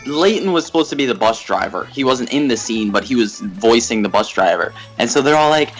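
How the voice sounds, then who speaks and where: A young man on a gaming livestream, telling a rambling, animated story and laughing at it. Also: mid-range voice, fairly quick, soft background music, rough recording. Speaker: gaming streamer. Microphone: desk mic at a facecam setup.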